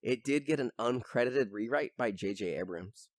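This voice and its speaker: A man's voice: medium pitch, expressive, normal speed, no echo, clean studio sound. A young man chatting on a podcast, rambling with lots of fillers and now and then swearing as he gets worked up. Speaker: podcast host. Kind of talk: casual chat.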